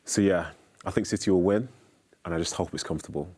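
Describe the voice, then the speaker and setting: A man talking as a football pundit on a matchday show. His voice is very low and he talks fast. He sounds chatty and thoughtful, with a teasing edge. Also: a little mellow, breathy edge. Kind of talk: casual pundit chat.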